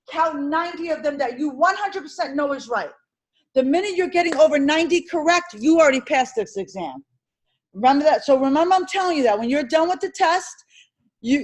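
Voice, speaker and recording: A woman instructor lecturing a classroom on insurance licensing, animated and repetitive as she drills and quizzes her students. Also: high voice, low-quality recording.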